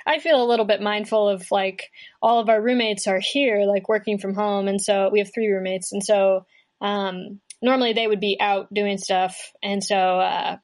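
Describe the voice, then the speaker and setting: A young adult woman chatting as a guest musician, relaxed and rambling, with lots of fillers and restarts over a remote call setup. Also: mid-range voice, moderate pace. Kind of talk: casual chat.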